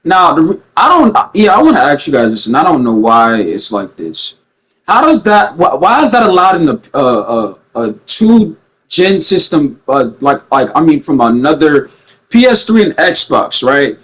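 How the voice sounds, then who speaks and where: A young man rants to camera about a video game, stringing thoughts together with lots of fillers and restarts. His tone is casual and animated. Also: fairly high pitch, moderate pace, husky, poor audio. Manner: animated and rambling, with many fillers. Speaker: gaming vlogger.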